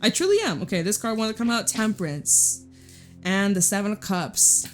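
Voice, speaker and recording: A woman's voice: medium pitch, moderate pace, soft background music. A young woman giving a casual tarot reading, chatty and blunt, swearing freely and laughing often. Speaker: tarot reader.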